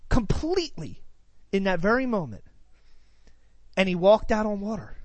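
A woman's voice: on the high side, no room sound. A woman preaching, who retells a scripture passage and then teaches it in a conversational way, full of rhetorical questions and "right?" tags.

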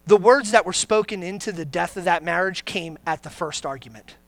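A pastor preaching a sermon in a conversational, joking way, putting questions to the congregation and dropping low and grave for serious points. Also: a little fast, fairly bright tone, no room sound.

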